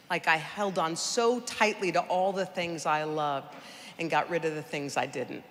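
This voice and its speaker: A middle-aged woman telling her story in a hall. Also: low voice. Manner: lively, conversational, addresses the audience directly. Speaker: guest speaker at a charity gala. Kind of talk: personal storytelling speech. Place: large event hall. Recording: echoey large hall, faint noise.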